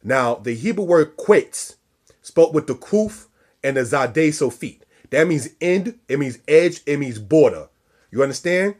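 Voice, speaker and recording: A man's voice: fairly high pitch, expressive, unhurried, a little mellow. A man giving a scripture lesson, preaching style, repeating and stressing key words and calling his listeners brothers and sisters. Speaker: religious teacher.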